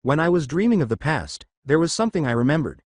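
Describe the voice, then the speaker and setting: A man voicing a calm, caring swordsman who is dying, speaking gently. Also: on the high side, fast, dry recording, clean studio sound.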